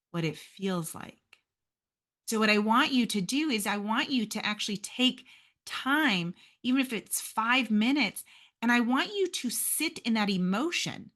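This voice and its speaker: Bright-voiced woman giving an encouraging talk. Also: on the high side. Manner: earnest, encouraging, addresses listeners as you guys. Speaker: podcast host. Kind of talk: motivational faith-based talk.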